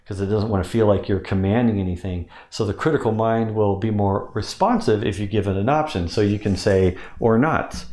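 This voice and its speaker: Casting note: man with a lowish voice, instructional coach who breaks ideas down step by step, roomy echo. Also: brisk, hardly any pauses, mellow. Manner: explains step by step, demonstrates with pitch changes. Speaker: sales hypnosis coach. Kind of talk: instructional explanation.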